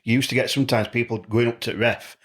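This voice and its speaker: A man hosting a podcast, asking questions in a quick, informal way. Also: medium pitch, steady tone. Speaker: podcast host. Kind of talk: casual podcast chat.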